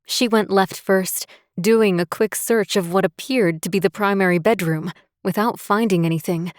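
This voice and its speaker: A woman narrating a romantic suspense audiobook in a steady, measured way. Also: mid-range voice, dry recording, clean studio sound. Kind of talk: scripted narration.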